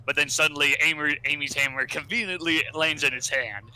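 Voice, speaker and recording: Podcast co-host, male, rambling recapper, very bright and slightly high, laughs a lot. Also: fairly even intonation, poor audio. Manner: rambling, laughs often, with quick snatches of squeaky put-on voices. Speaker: podcast co-host summarizing a comic. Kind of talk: casual recap chat.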